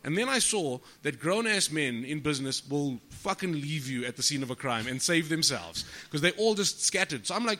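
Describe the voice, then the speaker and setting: A man, a comedian guest, telling stories on a podcast in an animated way, swearing freely and acting out the people he quotes. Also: a little high, normal speed, hardly any pauses. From South Africa. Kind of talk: storytelling podcast chat.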